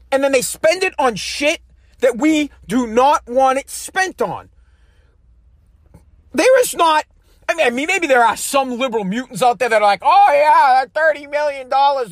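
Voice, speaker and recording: A man's voice: very high voice, fairly bright tone, no echo, studio quality. A man telling a personal story in a blunt, heated, profane rant. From United States. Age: adult. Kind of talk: ranting monologue.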